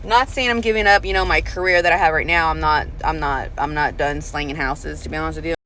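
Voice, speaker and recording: A woman's voice: low voice, fairly even intonation, fast talker, a bit bright, slight background noise. A woman in her thirties telling rideshare stories in a chatty, profane way, often laughing, recorded in her car. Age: 30s. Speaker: rideshare driver and realtor. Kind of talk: casual storytelling vlog. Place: inside a car.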